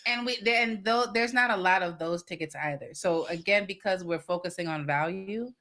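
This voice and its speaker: A woman's voice: fairly low pitch, normal speed. A woman co-hosting a live podcast stream in casual chat, upbeat and laughing often. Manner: upbeat, laughs often, warmly thanks listeners. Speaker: podcast co-host.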